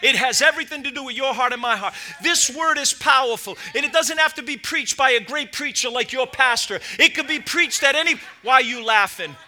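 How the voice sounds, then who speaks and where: A middle-aged man preaching a sermon as lead pastor, impassioned, swinging between shouted peaks and low asides. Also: fairly quick, hardly any pauses.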